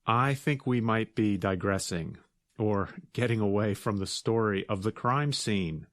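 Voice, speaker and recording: A man co-hosting an English lesson, explaining words in a calm, slow and clear way. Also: on the low side, no echo, clean studio sound.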